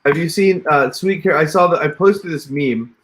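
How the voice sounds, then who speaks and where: With a slightly high, fairly bright voice at a moderate pace, the host runs a casual livestream tutorial. He chats through the steps on screen via a computer mic, addressing viewers as "you guys."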